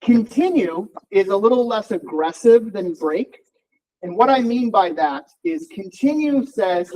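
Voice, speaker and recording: With a high voice and an unhurried pace, a man teaches a college programming class over poor audio. He types and runs code in a live coding lecture, thinking aloud in a relaxed way.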